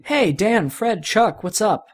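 A man voicing an excited young boy who loves toys, with an eager, boyish manner. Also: high-pitched, moderate pace, pitched above the performer's own voice.

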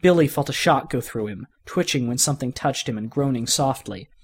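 A man's voice: medium pitch, expressive, brisk, breathy edge. A man reading a fan-written story aloud, narrating expressively. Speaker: reader.

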